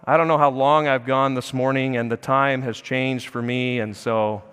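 A man preaching a sermon, earnest, swelling louder and slower on key phrases. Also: medium pitch, little pitch movement, smooth, in a large hall. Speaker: pastor. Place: church sanctuary.

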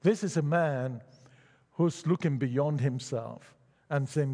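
A man preaching a sermon, swinging between loud pleading and hushed, slow passages. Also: medium pitch. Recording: long hall reverb.

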